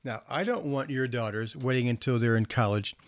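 A counselor speaks to parents through stories, his tone loose and conversational, restarting small bits now and then. The recording is clean studio sound without echo, and his mid-range voice is fairly quick.

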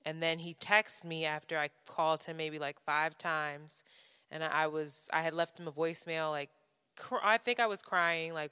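Woman, low pitch, bright clear voice, candid and profane, long reverb. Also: fairly even intonation, normal speed. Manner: frank, profane, self-interrupting. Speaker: podcast co-host. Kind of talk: candid personal storytelling.

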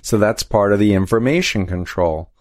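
A man talking as an interview guest, explaining at length in a measured way with frequent restarts. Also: on the low side, no echo, studio quality. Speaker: guest, cult expert. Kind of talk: conversational interview.

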